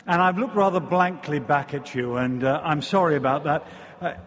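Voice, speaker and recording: English guy preaching, bit high voiced, wry asides, slow careful scripture reading. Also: a bit bright, in a large hall. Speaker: visiting preacher. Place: church.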